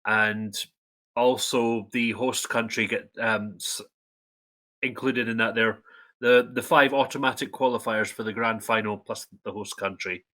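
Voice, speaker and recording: A Scottish man acting as the resident expert on a casual music podcast, explaining things in a relaxed way. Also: fairly low pitch, unhurried. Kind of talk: casual chat.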